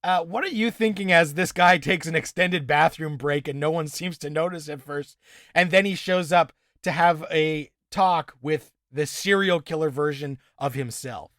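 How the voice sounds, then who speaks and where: A podcast co-host casually recaps a TV episode, acting out the characters' lines along the way. His voice is fairly high and a bit bright, at a normal speed. The recording is dry with clean studio sound.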